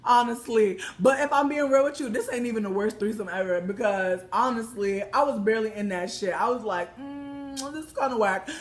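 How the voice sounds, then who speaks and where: A young woman telling a story in a casual, profane, animated way, breaking into loud exclamations. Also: mid-range voice, brisk, few pauses.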